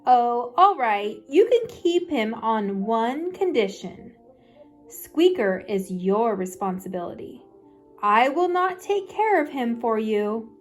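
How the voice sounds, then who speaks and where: A woman's voice: fairly high pitch, sing-song, takes it slowly. A woman voicing a firm, no-nonsense mother bear in a storybook read-aloud, with faint music behind. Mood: stern.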